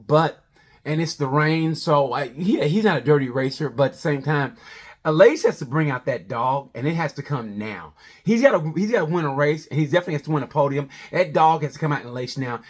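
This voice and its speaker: A male comedian giving a rambling, animated comedic review of a motorcycle race, full of tangents. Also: fairly high pitch. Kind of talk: comedic sports review monologue.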